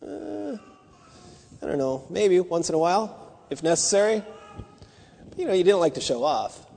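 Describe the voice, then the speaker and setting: A man's voice: high voice, big pitch swings, moderate pace, gravelly, darkish tone, slight background noise. A man giving a teaching sermon in a loose, conversational way, with restarts and asides. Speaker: bible teacher. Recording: long hall reverb.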